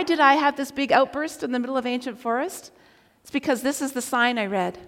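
A woman's voice: high voice, brisk. Storytelling woman preacher in a reverberant hall. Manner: storytelling, animated, shouting quoted outbursts. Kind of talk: sermon with personal story. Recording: long reverb of a large hall.

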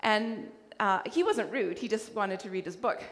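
A woman's voice: mid-range voice, moderate pace. A Canadian woman giving a sermon, telling a story and acting out the voices of people she met. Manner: animated storyteller acting out dialogue. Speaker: guest preacher. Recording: hall reverb.

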